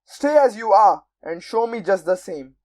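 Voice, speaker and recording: A woman's voice: medium pitch, lively intonation, measured pace, dark tone, natural voice. A woman reading a storybook aloud, voicing a cruel, sarcastic giant headmistress who snaps and bellows at the children. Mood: scornful. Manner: snapping, bellowing.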